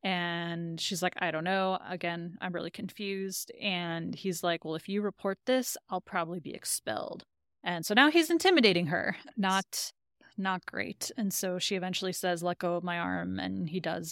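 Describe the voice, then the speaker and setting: A woman's voice: lowish voice, moderate pace, creaky, a bit bright, clean tone, no echo, studio quality. A woman co-hosting a podcast, casually recapping an episode and retelling scenes in quoted lines. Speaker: podcast co-host.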